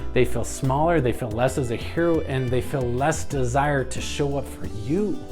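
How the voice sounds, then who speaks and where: A young man coaching women viewers on relationships, talking earnestly and acting out his own reactions in lively quoted voices. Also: medium pitch. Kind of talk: advice talk to camera.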